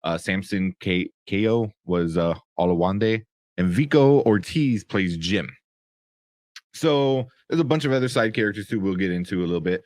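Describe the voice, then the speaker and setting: A young man talks through a show review in a loose, rambling way, full of fillers and restarts. His voice sits fairly low. The recording is dry, with no room echo. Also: normal speed, a little mellow. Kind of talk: casual spoken review.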